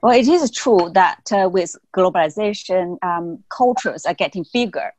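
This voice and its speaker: A woman researcher, a guest on a webinar panel, speaking in a measured way and occasionally searching for words, over a video call. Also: on the low side, lively intonation, darkish tone, a little hiss or hum.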